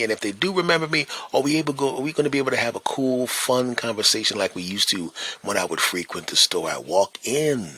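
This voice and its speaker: A man's voice: on the low side, sharp tone, breathy edge. A man, a stand-up comedian hosting a podcast, telling a casual story and checking in with "right?" and "you know.".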